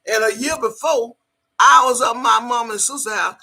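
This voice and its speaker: A woman telling a personal story in a casual, animated way, swearing freely as she goes. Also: on the high side, normal speed, vocal fry.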